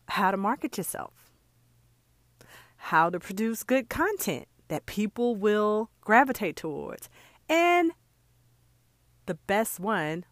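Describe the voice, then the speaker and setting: A woman's voice: lowish voice, no room sound. A woman hosting a casual solo podcast, a jewelry maker talking earnestly and chatting straight to her listeners with lots of asides. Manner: earnest and heartfelt.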